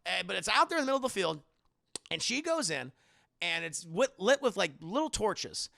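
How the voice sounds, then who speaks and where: A high, gravelly male voice bounces through a profane, animated movie recap on a live stream. His tone is bright and edgy, and the sound is dry and close with no room echo. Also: normal speed. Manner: animated, profane, acts out characters in put-on voices. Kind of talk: casual livestream movie recap.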